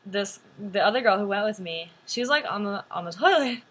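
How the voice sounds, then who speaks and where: This young female vlogger has a mid-range voice and a brisk delivery as she tells a story to the camera. Her manner is chatty and animated, and "like" shows up constantly as a filler.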